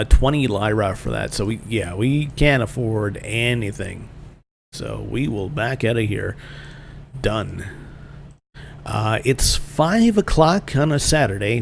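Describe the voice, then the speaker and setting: Male let's-play host, relaxed and rambling, mid-pitch, faint room hum. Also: gravelly. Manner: relaxed, rambling, many filler words. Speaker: gaming channel host. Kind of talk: casual let's-play commentary.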